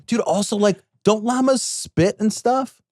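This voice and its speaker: A man co-hosting a podcast in casual comedic chat, profane and laughing, telling drawn-out stories. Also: high voice, darkish tone, no echo, clean studio sound. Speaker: podcast co-host.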